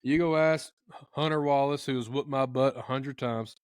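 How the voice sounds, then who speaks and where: A man's voice: mid-range voice, moderate pace, clear, resonant tone, no echo. A man talking casually and with energy while he teaches turkey calling, sometimes imitating turkeys in funny voices. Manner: animated, acts out turkey sounds in funny voices. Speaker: turkey calling expert guest. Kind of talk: casual how-to talk.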